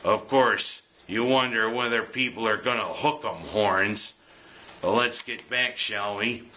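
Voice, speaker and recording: Slow-talking new guy doing football commentary, bright edgy voice, cracks puns. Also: fairly low pitch, slight background noise. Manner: jokey, punning, breaks into goofy singing. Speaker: sports commentary host. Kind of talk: scripted sports commentary.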